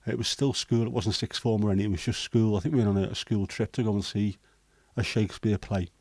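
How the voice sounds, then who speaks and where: A man's voice: fairly low pitch, steady tone, fast talker, darkish tone, no echo. A man with a Liverpool accent hosting a casual livestream, chatting through viewer comments with rambling, hesitant banter and the odd swear. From Liverpool, England. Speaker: livestream host.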